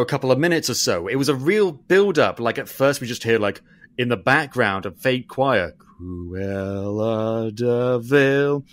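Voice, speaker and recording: Animated man reviewing a film. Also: fairly high pitch, no room sound. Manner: long-winded, animated, swears casually. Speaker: podcast co-host. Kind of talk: casual film review chat.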